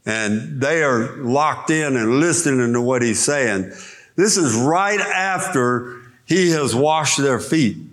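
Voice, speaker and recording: A man's voice: medium pitch, animated, slow pace, fairly bright tone. A man preaching a sermon, teaching verse by verse through a Bible passage and explaining the original words.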